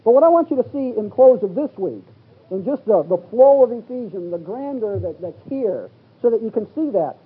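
Husky high-voiced man preaching. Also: lively intonation, normal speed. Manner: reads scripture in King James wording, rising to exclaim. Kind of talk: Bible teaching sermon. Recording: phone-like, lo-fi sermon recording.

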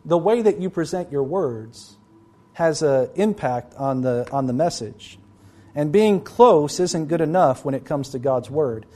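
A male preacher delivering a Bible sermon with emphatic, driving delivery. His voice sits a little high for a man. He reads scripture passages in a stern, weighty tone. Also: lively intonation, measured pace, warm tone.

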